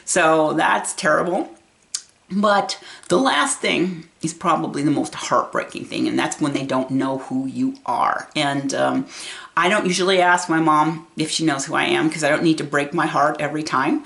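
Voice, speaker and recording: A woman's voice: low-pitched, normal speed, gravelly, a bit bright. A woman in her fifties talking to camera as a vlogger and caregiver, earnest and candid. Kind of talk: casual talk to camera.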